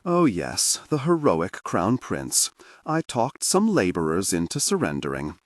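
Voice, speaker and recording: A man's voice: deep voice, wildly swooping pitch, measured pace, dry recording, studio quality, exaggerated voice. A man voicing an eager, self-deprecating young crown prince in an audiobook. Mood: self-mocking.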